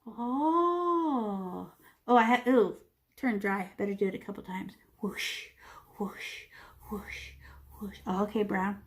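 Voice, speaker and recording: A woman teaching children a painting lesson, talking as she paints, playful and animated with little sound effects. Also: mid-range voice, a little slow. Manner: talks while painting, demonstrating step by step. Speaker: art teacher.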